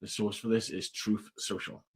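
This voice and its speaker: A man delivering a brisk breaking-news vlog update, addressing his viewers directly. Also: fairly low pitch, flat delivery, breathy edge. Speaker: news vlogger.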